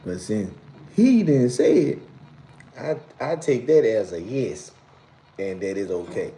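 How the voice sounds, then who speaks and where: A man hosting a casual live stream, reading viewer comments with loose slangy talk and frequent laughter, jumping to a high incredulous pitch when he teases. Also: big pitch swings, takes it slowly, mellow.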